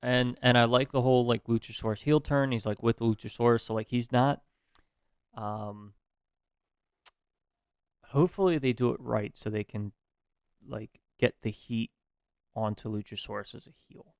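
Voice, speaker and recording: A man's voice: mid-range voice, steady tone, moderate pace, pauses often, clean tone, no echo, studio quality. A man co-hosting a casual podcast, hesitant and full of restarts, swearing freely. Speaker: podcast co-host. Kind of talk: casual chat.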